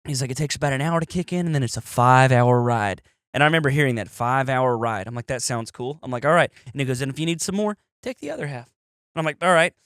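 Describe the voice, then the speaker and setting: A young man hosts a podcast, telling a story in casual, profane chat and animatedly acting out quotes in shifting voices. He talks fast at medium pitch, with a clean tone in a dry, studio-quality recording.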